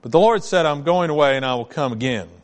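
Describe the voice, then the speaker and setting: A man preaching a morning sermon, his voice sitting a little higher than most men's. He talks plainly and conversationally and keeps turning to the congregation with rhetorical questions. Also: lively intonation, quick pace, long reverb tail. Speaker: pastor.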